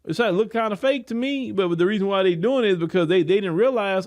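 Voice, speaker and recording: An American podcast host with an African American English accent and a fairly high voice delivers an opinion monologue. He speaks emphatically and with animation, often repeating words as he restarts his thoughts. His tone swings between raised exclamations and low, quiet asides. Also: fast talker. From United States.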